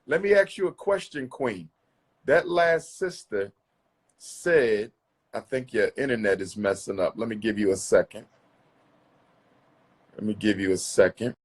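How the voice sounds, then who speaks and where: A man's voice: fairly low pitch, a little slow, pauses often, breathy edge. A man hosting a live call-in stream, talking casually and emphatically with his callers. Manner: emphatic, calls callers queen. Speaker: live talk show host taking callers.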